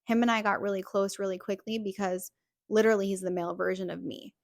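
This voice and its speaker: Chatty young woman with vocal fry. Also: mid-range voice, steady tone, fast, dry recording, studio quality. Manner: chatty, heavy use of "like" fillers. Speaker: podcast host. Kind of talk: casual personal storytelling.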